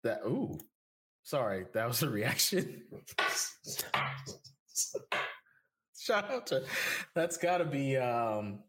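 A man co-hosting a podcast in casual chat, joking and rambling through ad reads with big swings in pitch. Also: sing-song, extremely slow, long pauses, fairly bright tone, slight background noise. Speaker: podcast co-host.

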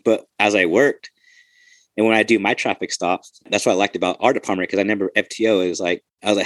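Casting note: rapid, low-voiced cop, loose and profane, dry close sound. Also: male voice, fairly even intonation, no room sound. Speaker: podcast host, police officer. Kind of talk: casual chat.

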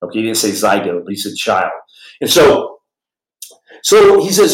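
Speaking at a moderate pace in a fairly low, very animated voice, this podcast host narrates a story with plenty of drama. Quoted characters get their own voices, and he frequently restarts or throws asides to listeners. The room is echoey and the audio poor.

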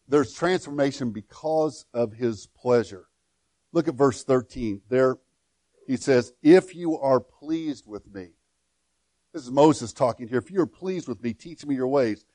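A man's voice: mid-range voice, warm tone, no echo. Man, middle-aged, pastor, sermon, conversational, restarts often, dry recording. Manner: conversational preaching with frequent restarts.

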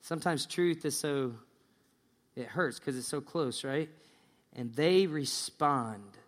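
A pastor preaching a sermon, telling a story in a lively way and acting out the people in it. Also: male voice, on the high side, slow pace. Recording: long church-hall reverb.

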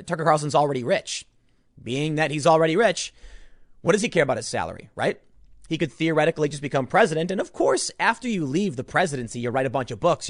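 A man's voice: on the high side, a bit bright, dry recording, studio quality. A man ranting as a political commentator, exasperated and sarcastic in a solo talk.

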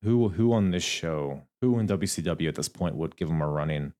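A young adult man hosting a solo podcast, talking casually and thinking out loud with frequent fillers and restarts. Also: sits low, expressive, moderate pace. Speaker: podcast host.

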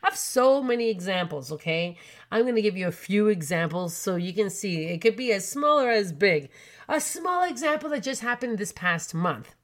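A woman in her forties from Canada, telling personal stories in a chatty, animated way with many fillers. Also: medium pitch, normal speed. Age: 40s. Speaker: podcast host. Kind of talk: storytelling chat.

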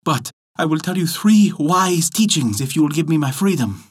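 Man voicing a tiny storybook bird, sly, mocking, high-pitched, husky edge. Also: expressive, moderate pace. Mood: pleading.

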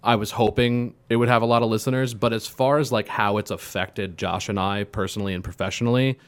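A man's voice: lowish voice, steady tone, a little fast, no echo. A man, an educator co-hosting a podcast, speaking in a thoughtful, reflective way with small restarts. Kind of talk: casual podcast chat.

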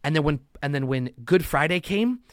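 Speaking at a moderate pace with lively intonation, this fairly high-voiced man is a loan officer guesting on a laid-back podcast. He spins stories and performs quotes in extended motivational runs, captured in clean studio sound without room noise.

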